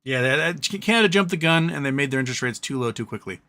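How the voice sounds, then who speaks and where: Stream host guy, mid pitch, bright tense voice, lots of ums, rambly. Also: expressive, quick pace. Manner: rambling, with frequent ums and self-corrections. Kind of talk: casual market chat reading viewer questions.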